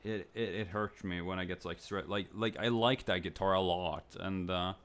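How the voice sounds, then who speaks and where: A man's voice: steady tone, normal speed. A young man streamer venting in a rambling, frustrated way, swearing and stammering through restarts. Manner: jumps to high, loud mimicking when quoting others.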